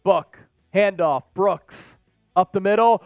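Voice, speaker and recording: A man hosting a live stream, calling the game play by play with energetic fan banter and shout-outs. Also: high voice, a little slow, no room sound, dull audio, soft background music.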